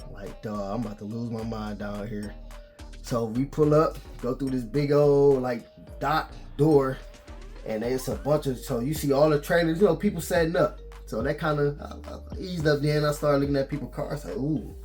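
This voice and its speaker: A man tells a story for his vlog in a casual, animated way, his exasperation showing. His voice sits at a middle pitch. Faint music plays behind him. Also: moderate pace. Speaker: vlogger.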